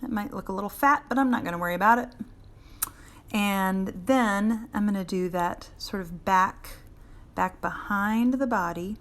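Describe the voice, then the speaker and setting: A woman's voice: mid-range voice, normal speed, fairly bright tone. A woman teaching a live drawing lesson to children, chatting and encouraging as she draws, recorded on a handheld phone. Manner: chatty, encouraging, talks while drawing and answers viewers by name. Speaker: art teacher. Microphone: phone held in hand.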